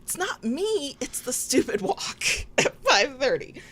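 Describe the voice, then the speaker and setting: A woman's voice: sits high, a little slow. A woman co-hosting a podcast, chatting casually, telling stories with swearing and laughs. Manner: animated, swearing storyteller with frequent laughs. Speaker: podcast co-host. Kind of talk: casual chat.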